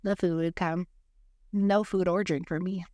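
A woman with a lower-pitched voice talks in loose, rambling casual chat on a podcast, piling on fillers and asides as she tells candid stories. The sound is close and dry, with no room around it. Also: fairly even intonation, a little slow, warm tone, no echo. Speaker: podcast co-host.

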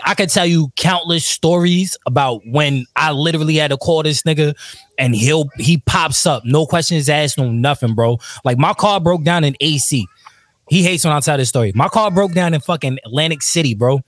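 A man's voice: a little high, normal speed, dry recording. A man, a rapper, telling a wild story in casual chat, slangy and laughing often.

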